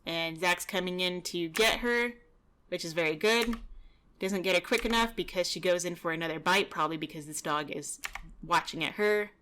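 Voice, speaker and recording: A woman dog trainer giving relaxed, casual commentary over video footage, explaining with lots of "you know" and "kinda". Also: on the low side, normal speed, a little hiss or hum.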